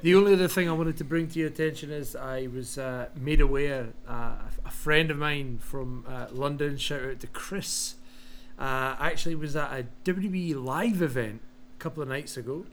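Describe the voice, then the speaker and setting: A man's voice: medium pitch, moderate pace, hardly any pauses, slight background noise. A man with a Scottish accent, chatting casually as a co-host of a wrestling podcast and rambling through his stories while laughing at himself. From Scotland.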